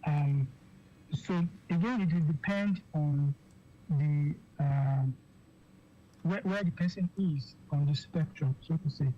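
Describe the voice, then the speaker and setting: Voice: medium pitch, slow, dark tone. Hesitant physician guest on lo-fi radio. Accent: Nigerian English. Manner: hesitant, repeats words, many fillers and okays. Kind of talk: radio health interview. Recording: dull lo-fi radio sound with faint noise.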